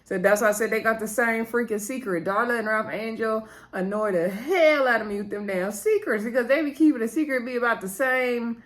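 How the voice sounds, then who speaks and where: A woman's voice: a little high, brisk, hardly any pauses, fairly bright tone. A woman chatting casually to viewers, retelling scenes and talking straight to her audience. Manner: chatty, addresses viewers as y'all, retells dialogue. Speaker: TV episode recap host. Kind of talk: casual recap talk.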